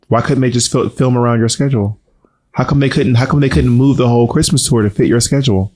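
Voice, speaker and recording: A man co-hosting a casual chat, teasing his co-host with quick back-and-forth questions, his voice held soft and quiet as he recovers from voice strain. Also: mid-range voice. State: recovering voice, talking softer than usual. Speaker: podcast co-host.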